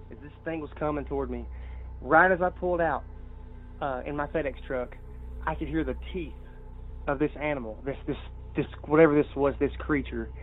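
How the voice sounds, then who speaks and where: A male caller telling a personal story over the phone, halting and repeating himself as he goes. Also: a little high. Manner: halting, repeats words, restarts often. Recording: tinny phone line.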